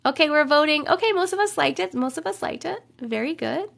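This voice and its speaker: High gravelly woman, cold-roughened voice. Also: very animated, measured pace, fairly bright tone. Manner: chatty, hums and scats filler syllables while waiting. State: voice rough from getting over a cold. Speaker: livestream host reading viewer stories. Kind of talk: casual livestream chat and story reading.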